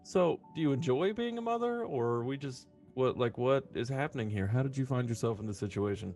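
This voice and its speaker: A man at a tabletop game rambles wryly while in character. His voice sits at a middling pitch. Soft music plays faintly behind him. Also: lively intonation, a little fast. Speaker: player.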